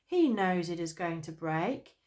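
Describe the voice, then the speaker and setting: A woman voicing an angry, protective queen bee in a children's storybook reading, loud and indignant. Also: on the low side, expressive, measured pace.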